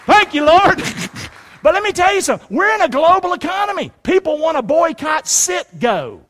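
A man in his forties preaching a sermon to a congregation, animated and often shouting, firing rhetorical questions at the room. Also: very high voice, fairly quick, some chatter behind, a little hiss or hum. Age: 40s. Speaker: pastor. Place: church sanctuary.

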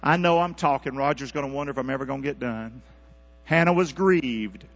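A man preaching a sermon as pastor, calling out for responses from his congregation and swinging from quiet asides to loud, high-pitched exhortation. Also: fairly quick, vocal fry. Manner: calls for congregation responses, animated rising delivery. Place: church sanctuary. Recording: dull lo-fi church recording with mains hum.

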